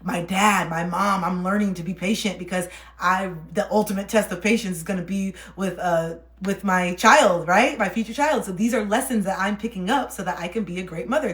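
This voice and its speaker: Young female livestream host, casual and soothing, mid-pitched, roomy sound. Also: fairly bright tone. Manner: chatty, laughs often, soothing when reassuring. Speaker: livestream card reader. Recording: roomy echo.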